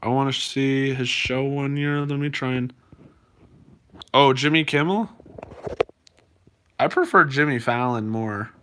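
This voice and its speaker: A man's voice: mid-range voice, measured pace, long pauses, a bit bright, clear, resonant tone. A man live-streaming from home, chatting loosely with his viewers and rambling through fillers and restarts. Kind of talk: casual live-stream chat.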